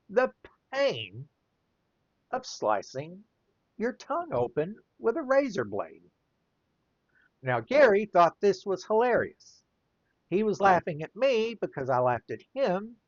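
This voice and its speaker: A man's voice: a little high, no room sound, lo-fi sound. A man telling a casual anecdote while he draws, chuckling often as he talks. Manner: chuckles often, lively rise and fall. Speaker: artist and storyteller.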